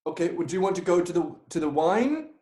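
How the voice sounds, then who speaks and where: A woman's voice: on the low side, very animated, brisk, mellow. Woman doing a flustered clipboard announcer, prickly, echoey room. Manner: confused and prickly. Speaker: improv performer. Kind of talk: live improv comedy. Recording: echoey room over a video call.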